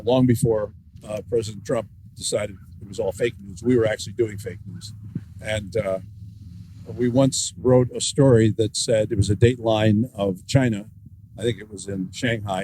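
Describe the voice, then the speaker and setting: A man, an author guest, telling wry anecdotes with dry humor in a relaxed storytelling style. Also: fairly low pitch, a little hiss or hum, poor audio.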